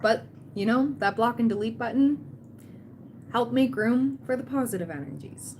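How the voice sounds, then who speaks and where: A woman's voice: a little high, lively intonation, normal speed, a little mellow, slight background noise. A woman hosting a tarot livestream, chatting casually and cheering on her viewers, often quoting people in playful voices.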